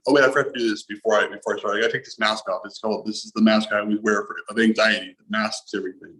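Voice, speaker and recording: Halting man sharing a personal story. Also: lowish voice, fairly even intonation, a bit bright, low-quality recording. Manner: halting, restarts words, emotional. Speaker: guest on a stream panel.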